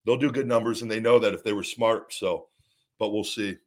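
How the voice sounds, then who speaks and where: A middle-aged man with a lowish voice talks a little fast in a steady tone, hosting his own talk show. His casual solo story is blunt, profane and rambling, and he acts out others' remarks in retold dialogue.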